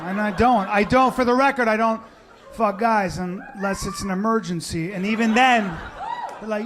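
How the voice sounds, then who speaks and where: A man's voice: high-pitched, moderate pace. A man doing stand-up with rambling, conversational asides. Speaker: stand-up comedian. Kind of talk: stand-up set. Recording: live club with noise.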